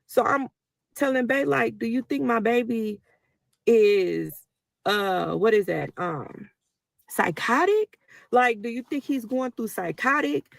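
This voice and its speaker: A woman's voice: on the high side, lively intonation, a little slow, vocal fry, dry recording. A mother telling a personal story to viewers in a casual, emotional way, talking straight to them as y'all. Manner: talkative, emotional, addresses listeners as y'all.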